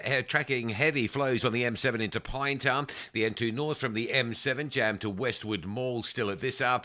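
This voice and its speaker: A man reads a morning traffic update on the radio. His voice is bright and forceful. He runs through road names in a fluent, rapid flow. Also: fairly low pitch. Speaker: traffic reporter. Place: radio studio.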